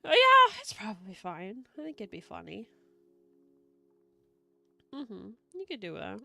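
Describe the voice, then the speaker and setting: A young woman streamer reads viewer messages in casual chat, her medium-pitched voice gravelly, bright and forceful, swooping wildly in pitch at an unhurried pace. She's giggly and effusive and swears freely, with faint music behind her.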